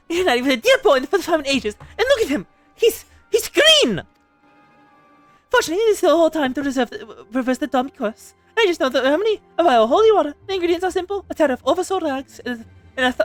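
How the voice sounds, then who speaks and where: A woman's voice: high-pitched, very animated, fast talker, dry recording, faint music behind, pitched above the performer's own voice. A woman voicing a boisterous middle-aged mother with a frying pan, in a put-on accent, reading game lines aloud. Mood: fussing. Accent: put-on British-style accent.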